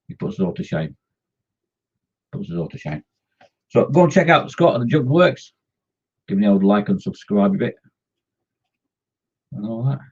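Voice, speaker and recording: A man's voice: fairly low pitch, darkish tone, breathy edge, muffled recording. A man chatting casually on a scale-modelling live stream, greeting viewers by name and joking as he works.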